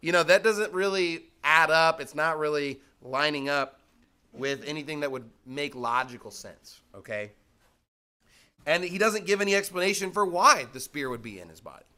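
Somewhat high in pitch and sharp in tone, a man moves at a moderate pace through a casual, conversational Bible lesson. Rhetorical questions abound, and he stresses his points by repeating them emphatically.

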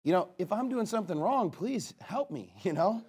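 A male pastor preaching a sermon, emphatic and rising to loud passages as he drives his points home. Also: high voice, animated, normal speed, husky.

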